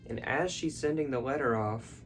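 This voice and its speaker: A man's voice: medium pitch, moderate pace, faint music behind. A man in his bedroom rambling through a film recap, full of "like" and "um". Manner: rambling, filler-heavy, lots of "like". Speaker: vlogger. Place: bedroom at night.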